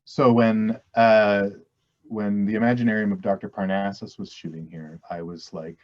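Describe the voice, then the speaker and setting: A man's voice: on the low side, fairly even intonation, normal speed, a little mellow. A middle-aged man from western Canada, chatting as an actor guest in a casual interview, rambling and self-deprecating with many restarts. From West Coast Canada. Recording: dull lo-fi audio.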